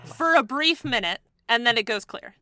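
A woman's voice: fairly high pitch, lively intonation, normal speed, bright, forceful tone, no room sound. A woman narrating as game master in a tabletop game, describing scenes with lots of fillers and hesitations.

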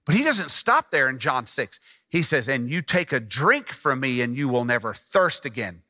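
Bright-voiced animated male preacher. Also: medium pitch, normal speed. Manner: animated, asks the congregation questions. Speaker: pastor. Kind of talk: sermon.

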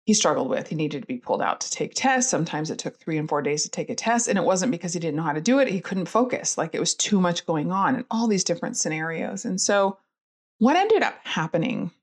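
A woman's voice: lowish voice, sing-song, fast. Earnest mother telling her story. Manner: earnest, candid, with many fillers and restarts. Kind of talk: personal storytelling.

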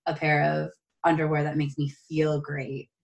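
A woman hosting a podcast, talking earnestly and encouragingly in relaxed conversation. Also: sits low, normal speed, gravelly. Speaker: podcast host and yoga teacher. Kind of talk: casual conversation.

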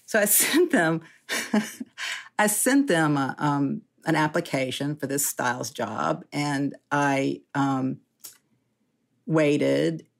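A woman around sixty, a journalist telling her story candidly in an interview, animated and often laughing. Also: low-pitched, vocal fry.

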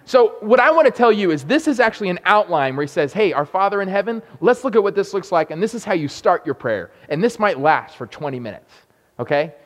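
A young adult man preaching a sermon, telling self-deprecating stories with quick asides. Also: high-pitched, very animated. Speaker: pastor. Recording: long hall reverb.

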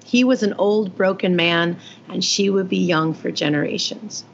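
A woman from the eastern United States co-hosting a casual book chat, telling stories with quick, lively asides. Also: on the low side, vocal fry, a little hiss or hum. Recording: dull lo-fi podcast audio.

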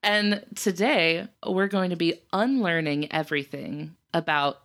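A woman's voice: on the low side, fairly bright tone. A woman guesting on a podcast, joking along in casual chat. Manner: joking, unhurried.

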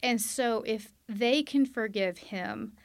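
A woman's voice: fairly high pitch, takes it slowly. Woman telling her story earnestly. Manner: earnest, quotes her past self aloud. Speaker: guest sharing her story. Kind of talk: candid personal testimony.

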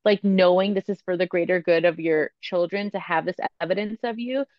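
A woman in her thirties, a photographer and coach, talking candidly in an interview, animated and full of filler words. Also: fairly low pitch, a little fast, no echo, dull audio. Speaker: podcast guest, photographer and coach.

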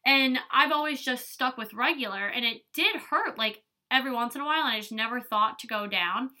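Young female podcast host, higher-pitched and sharp-toned, candid and profane, loose chatty delivery. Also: brisk. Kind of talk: casual chat.

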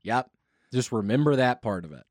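A man's voice: mid-range voice, lively intonation, moderate pace, no room sound, studio quality. A man hosting a casual talk show, playful and drawing out words for emphasis. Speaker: host. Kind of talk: casual chat.

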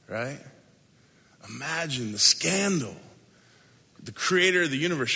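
Male pastor, sermon delivery, conversational but emphatic, bright tone, big reverberant hall. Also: a little high, animated, breathy edge. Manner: conversational, emphatic, shifts between quick asides and slow stressed phrases.

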